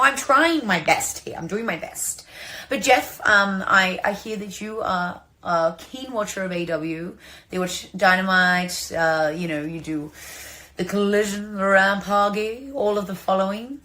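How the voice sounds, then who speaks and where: A woman's voice: medium pitch, sharp tone. A young adult woman with an Australian accent, sending a playful and sincere recorded message with many fillers and restarts.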